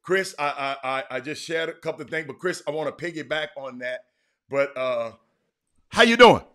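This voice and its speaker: Male livestream host, casual and rambling, slightly high voice, lots of restarts. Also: normal speed. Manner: loose, rambling, animated with many restarts. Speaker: talk show host. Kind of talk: casual livestream sports talk.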